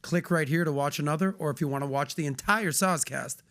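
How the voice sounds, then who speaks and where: A man's voice: on the high side, brisk, a bit bright. A man hosting a casual podcast chat, joking and teasing his guests. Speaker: podcast host.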